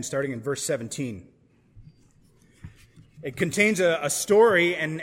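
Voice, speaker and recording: Male preacher, sermon, conversational, restarts phrases, fairly high voice, long church reverb. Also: fairly bright tone. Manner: conversational, thinking aloud with restarts.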